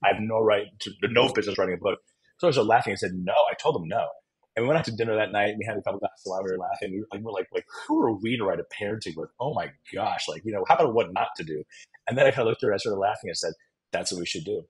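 A middle-aged man, a guest author, telling animated, self-deprecating stories with jokes about himself. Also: fairly low pitch, very fast, breathy edge, poor audio. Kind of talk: animated storytelling.

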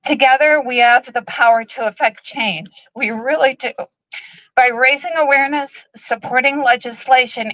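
A woman's voice: a little high, fairly bright tone, no room sound, highs cut off. Emotional woman speaking at a rally. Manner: emotional, halting, many ums, tearful at times. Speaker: animal rights group president speaking at a rally. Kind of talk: public speech at an outdoor protest. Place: outdoor protest march.

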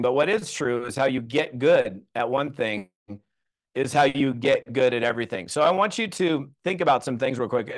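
A man in his thirties leads a live training session, talking loosely and conversationally. He pads his sentences with fillers, restarts his thoughts, and tells self-deprecating stories. His voice sits at a middling pitch. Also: fairly bright tone. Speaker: network marketing trainer. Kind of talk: live training talk to a group.

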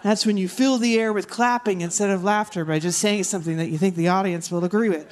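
A woman comedian doing a live stand-up set, brisk and sarcastic, on a theater stage. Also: mid-range voice, slight background noise. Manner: brisk, sarcastic, slips into mocking character voices.

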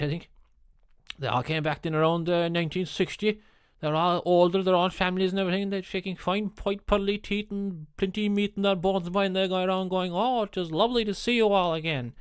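Irish man, fairly high voice, dry close sound; spins loose, swearing yarns in a relaxed chat. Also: clean tone, no echo. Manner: earthy, swearing, rambling anecdotes. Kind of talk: casual storytelling chat.

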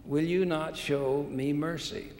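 A man's voice: on the high side, fairly even intonation, slow, darkish tone. A man voicing a desperate male debtor who pleads for mercy, heard in a large echoing hall. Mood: pleading. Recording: long hall reverb, faint noise.

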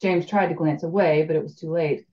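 A woman reads a fantasy novel aloud in a mellow, warm tone, and breaks off now and then to chat and laugh with a co-reader. The sound is dull and lo-fi, like a home recording. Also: deep voice, fairly even intonation, fairly quick. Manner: laughs often, chatty. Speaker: reader of a fan audiobook. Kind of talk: reading a novel aloud, with chat between chapters.

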